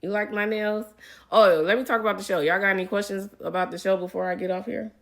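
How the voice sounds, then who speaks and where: A woman's voice: mid-range voice, fairly even intonation, quick pace, gravelly, fairly bright tone, slight background noise. A middle-aged woman in casual livestream chat. She reads out viewer comments and answers them in a chatty way, calling her viewers y'all. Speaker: reality TV personality answering live viewer comments.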